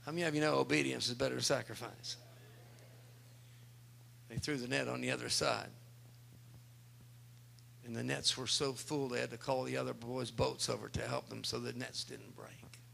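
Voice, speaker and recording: Gravelly, bright-voiced male preacher. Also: medium pitch, flat delivery, moderate pace, long pauses, slight background noise. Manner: emphatic, addresses the congregation directly. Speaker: pastor. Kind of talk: preaching a sermon.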